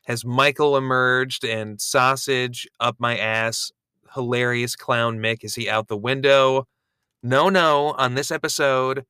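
A man's voice: mid-range voice, bright, forceful tone, clear, resonant tone, no room sound, studio quality. A man co-hosting a podcast in casual chat, frank and crudely joking as he recaps episodes. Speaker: podcast co-host recapping a reality show.

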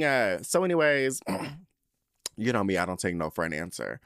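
A man's voice: fairly low pitch, unhurried, long pauses, dry recording. Guy hosting a podcast, dishing w lots of sass and swearing, voice bounces all over, dry close sound. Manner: animated, campy and profane storytelling. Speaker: podcast host. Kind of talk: casual chat.

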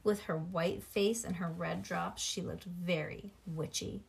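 A woman's voice: fairly low pitch, unhurried, vocal fry. Woman reading a children's book aloud. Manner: animated, with asides to a child listener. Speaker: reader.

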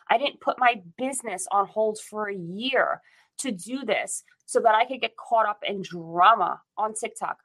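A woman's voice: mid-range voice, fairly bright tone, rough recording. A woman from the United States giving a fierce, repetitive rant with frequent swearing in a casual chat.

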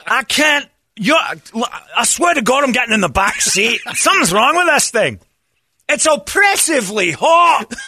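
A man voicing his melodramatic Scottish friend, who complains and wails loudly. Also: sits high, expressive, brisk, no echo, clean studio sound, pitched above the performer's own voice, exaggerated voice. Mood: wailing. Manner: wailing, complaining, shouting. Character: whiny Scottish male friend, melodramatic, always overheated.

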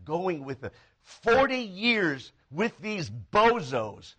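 A man preaching a sermon as a pastor, telling stories with animated, acted-out quoted voices. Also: high voice, slow pace.

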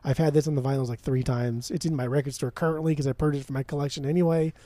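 Podcast guy ranting about albums, mellow warm voice, dry close sound. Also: medium pitch, steady tone, very fast, no echo. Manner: blunt, profane, emphatic. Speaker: podcast co-host. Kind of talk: casual chat.

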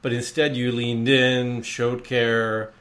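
A man's voice: medium pitch, flat delivery, takes it slowly, a bit bright. A man hosting a podcast interview, summing up what his guest has said with brief words of support. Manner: brief supportive backchannels and reflective summaries. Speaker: podcast host.

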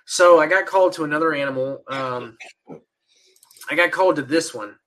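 A man co-hosting a podcast in casual chat, laid-back and quick to laugh. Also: fairly high pitch, fairly bright tone. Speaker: podcast co-host.

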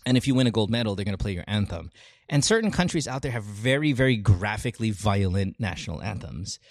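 A man's voice: fairly low pitch, fast talker, dry recording, studio quality. Chatty man reading anthem lyrics aloud. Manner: animated, swears, laughs while reading. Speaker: podcast co-host. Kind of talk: casual chat, reading excerpts aloud.

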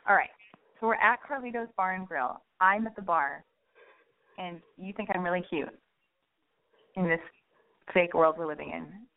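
Slight background noise sits under a young woman's fairly low, fry-tinged voice, which moves at a moderate pace with long pauses. She hosts a casual radio call-in chat on a thin, phone-like line, rambling, joking, blunt and frequently cursing.

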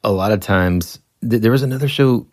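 A man co-hosting a podcast in casual chat, an animated storyteller who acts out the people he talks about. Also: lowish voice, brisk, dry recording, clean studio sound. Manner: animated storyteller, mimics people in raised voices. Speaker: podcast co-host.

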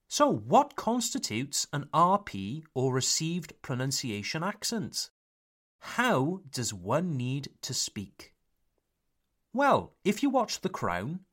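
A man from Wales hosts an English lesson, stretching out each example word with deliberate, careful pronunciation. His pitch swings widely as he teaches, and he never rushes. He slips into French now and then to explain a point. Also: fairly bright tone. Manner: slow, careful, exaggerated pronunciation of example words. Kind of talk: podcast lesson for learners.

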